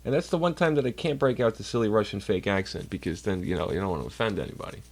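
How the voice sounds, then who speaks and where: A man's voice: lowish voice, fast, darkish tone. A man chatting casually on a livestream from home, rambling and swearing while doing chores. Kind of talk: casual rambling stream chat. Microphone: computer mic while streaming.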